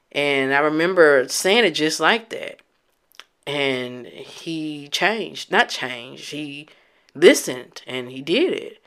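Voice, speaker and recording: A woman vlogger telling a personal story in a candid, emotional, reflective way, with halting restarts and casual swearing. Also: low voice, expressive, fairly bright tone.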